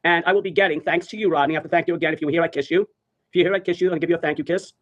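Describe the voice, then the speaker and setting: A man's voice: fairly high pitch, steady tone, rapid-fire, a bit bright, lo-fi sound. A man telling a story on a livestream, rambling and profane, repeating his phrases over and over. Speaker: live streamer.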